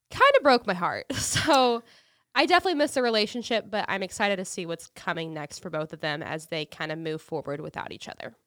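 A woman's voice: medium pitch, brisk, fairly bright tone, dry recording, clean studio sound. A woman co-hosting a podcast, chatting casually and with emphasis. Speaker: podcast co-host.

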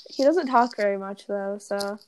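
A woman's voice: mid-range voice, moderate pace, clean tone. A woman in casual fan chat, giggling often and filling her talk with "like" and "um". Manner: giggly, filler-heavy fan chatter.

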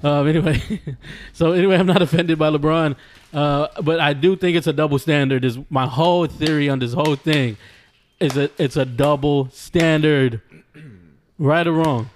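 A man's voice: fairly high pitch, normal speed. A man co-hosting a casual podcast, laughing often and pressing his point with repeated phrases. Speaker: podcast co-host.

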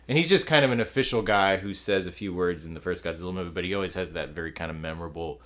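A man's voice: low voice, fast talker, few pauses, a bit bright. A man from the United States co-hosting a podcast, talking animatedly about a film, rambling with fillers and restarts. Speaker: podcast co-host. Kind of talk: casual film discussion.

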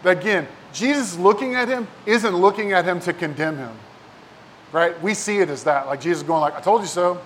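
A man's voice: sits high, normal speed, fairly bright tone, a little hiss or hum. A man preaching a sermon in a casual, conversational way, often asking the listeners "right?". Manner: casual, talks with many rhetorical "right?" and "like" asides. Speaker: pastor.

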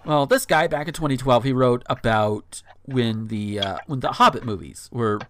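A man's voice: medium pitch, moderate pace, background noise. A man in his thirties reading a blog post aloud on a podcast, breaking off for incredulous asides with frequent fillers. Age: 30s.

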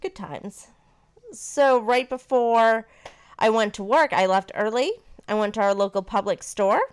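A woman in her thirties casually telling a personal story to her partner, animated and swearing freely. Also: a little high, a little slow, clean tone.

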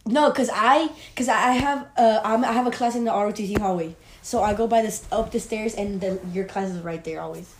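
Teen guest, mid-pitched, stop-start chatty storytelling. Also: female voice, echoey room, slight background noise. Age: teens. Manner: halting, restarts, uses "like". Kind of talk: casual chat.

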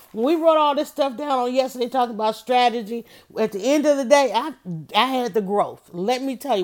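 Woman, middle-aged, livestream host, motivational talk, animated, preachy. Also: mid-range voice. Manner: animated, preachy, repeats "write that down".

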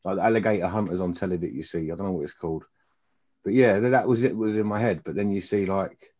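A man's voice: low voice, fast, darkish tone. A man hosting a podcast, chatty and laughing often. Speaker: podcast host. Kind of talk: casual chat.

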